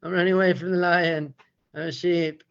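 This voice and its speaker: A man's voice: a little high, little pitch movement, moderate pace, gravelly, smooth, voice pushed up. A man voicing a young lion cub who stubbornly believes he is a sheep and bleats, in a dull lo-fi recording.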